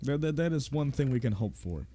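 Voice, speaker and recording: A man's voice: mid-range voice, animated, brisk, dark tone, soft background music. A young man ranting casually and profanely while he plays a game, rambling and sarcastic as he goes. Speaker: gaming streamer.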